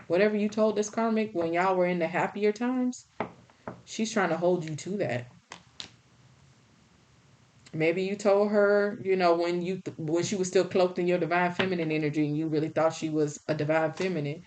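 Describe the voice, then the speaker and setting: Blunt low-voiced woman tarot reader. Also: darkish tone, slight background noise. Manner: blunt, scolding, folksy. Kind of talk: spiritual tarot reading.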